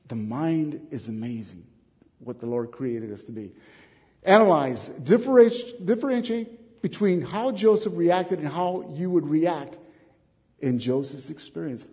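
A man giving a classroom lecture to teachers, animated and asking the class many questions. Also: sits high, big-room sound. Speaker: teacher trainer.

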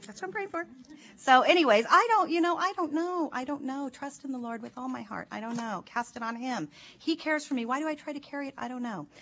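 A high-pitched woman with a fairly bright tone moves briskly through an informal Bible study, earnest and chatty and leaning on lots of fillers. There's faint noise and a slightly dull quality to the recording.

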